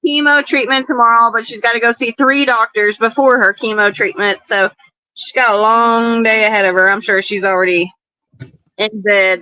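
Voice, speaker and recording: A chatty woman co-hosting a casual livestream with a bright, sharp-edged voice, recorded close and dry. She reassures her partner and reads out comments from viewers. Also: medium pitch, no echo, highs cut off. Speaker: livestream co-host reading comments.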